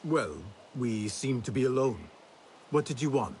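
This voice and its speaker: An actor playing a calm, stern assassin hero in a video game, measured in speech. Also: male voice, medium pitch, slight background noise, close to an everyday voice. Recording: game audio with faint ambience.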